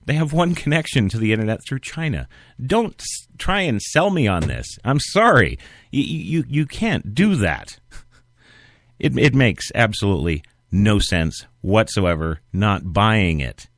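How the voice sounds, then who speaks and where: A man's voice: lowish voice, measured pace, dry recording, clean studio sound. Sarcastic man hosting talk radio. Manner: sarcastic, rambling, animated. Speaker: radio show host. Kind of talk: internet talk radio commentary.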